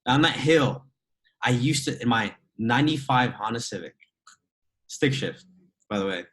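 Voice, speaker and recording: A young man giving an energetic, chatty motivational talk to a group on a video call. He often adds "right?" and laughs as he goes. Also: mid-range voice, moderate pace, poor audio. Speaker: trading mentor speaking to a group call.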